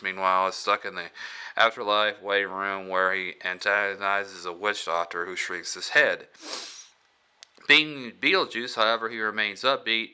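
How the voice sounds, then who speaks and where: A movie reviewer in a casual vlog retells scenes loosely, hesitating, restarting and chuckling along the way. His voice is a little low but very bright and sharp, with smooth, crisp clarity.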